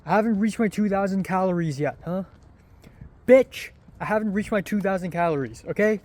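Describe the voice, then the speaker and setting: A young man pretending to be a belligerent drunk man, yelling and repeating himself on a street at night. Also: high-pitched, fairly quick, voice pushed up, natural voice. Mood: rowdy. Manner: yelling, repetitive, rowdy. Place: empty city street at night.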